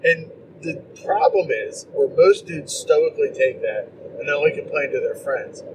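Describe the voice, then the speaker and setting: A man's voice: fairly high pitch, unhurried. Rambling podcast guy, mic far off. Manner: rambling, animated, acts out quotes in mocking voices. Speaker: podcast co-host. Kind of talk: casual movie-review chat. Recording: distant mic with clear background noise.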